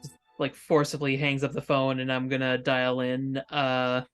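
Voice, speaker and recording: A woman's voice: extremely low pitch, completely flat delivery, normal speed, clear, resonant tone, soft background music. A woman playing a tabletop game, speaking casually and thinking aloud. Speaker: player.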